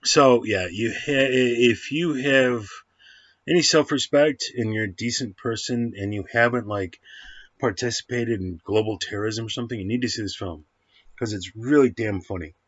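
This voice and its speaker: A man's voice: medium pitch, normal speed, slightly rough, no room sound, lo-fi sound. A man rambling through a casual film review at home, full of fillers and restarts. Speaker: movie reviewer.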